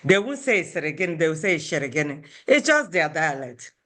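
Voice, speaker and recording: A woman's voice: on the low side, very animated, moderate pace, sharp tone. A woman from Owerri, teaching an online language class over a video call and patiently repeating words as she switches between languages. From Owerri, Nigeria. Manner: explains patiently, repeating Igbo words and mixing them into English.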